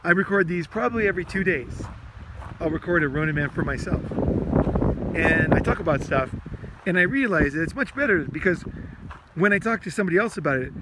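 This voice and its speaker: A man's voice: high voice, bright, forceful tone, a little hiss or hum. A man hosting a self-help podcast in a loose, rambling, casual monologue, swearing often and repeating himself, recorded outdoors while walking. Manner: loose, repetitive, swears often, acts out inner rants.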